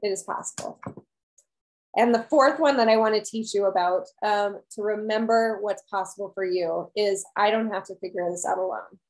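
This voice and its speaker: A woman's voice: mid-range voice, moderate pace, few pauses, rough recording. A woman wellness coach giving an earnest, encouraging motivational talk to her viewers, repeating key phrases and often asking "right?".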